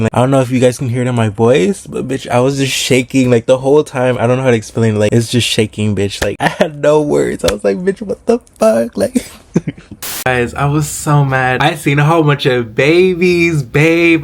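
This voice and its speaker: A young man telling a personal story in a casual vlog, chatty and full of filler words and slang. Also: medium pitch. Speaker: vlogger.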